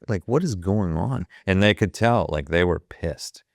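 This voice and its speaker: This is a low, expressive male voice with vocal fry, talking at normal speed in a dry, clean studio recording. He's a photographer in his fifties from Ohio, a guest telling a casual story packed with swearing and acted-out quotes.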